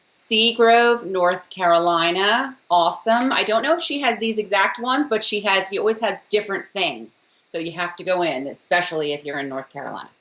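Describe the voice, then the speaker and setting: A woman's voice: medium pitch, normal speed, a bit bright, roomy sound. A woman co-hosting a podcast over a video call, chatting in a dry, wry, offhand way. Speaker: podcast co-host. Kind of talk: casual chat.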